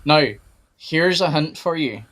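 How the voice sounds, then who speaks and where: A man's voice: fairly high pitch, animated, unhurried, a bit bright. A man with an Irish accent co-hosting a casual livestream, teasing his co-hosts as he quizzes them on name pronunciation. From Ireland. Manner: playful, teasing, quizzing others. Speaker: co-host.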